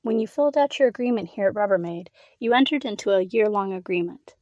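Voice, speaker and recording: A woman voicing a stern female manager who speaks slowly and deliberately. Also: medium pitch, lively intonation, a little mellow, no echo, dull audio, lightly acted. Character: stern female manager, former college classmate.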